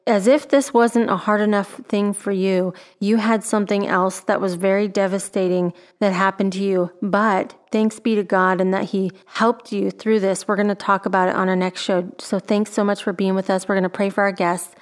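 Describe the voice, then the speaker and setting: A woman hosting a faith talk show, gently asking questions and openly moved by her guest's story. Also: medium pitch, flat delivery, normal speed, hardly any pauses. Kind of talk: interview host.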